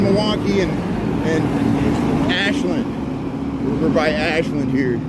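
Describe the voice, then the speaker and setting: A middle-aged man from Indiana giving rambling, chatty commentary as he walks a city street livestreaming, greeting people he passes. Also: on the high side. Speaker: walking livestream vlogger. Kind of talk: casual running commentary while walking. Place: city street outdoors at dusk. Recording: outdoor street noise and traffic.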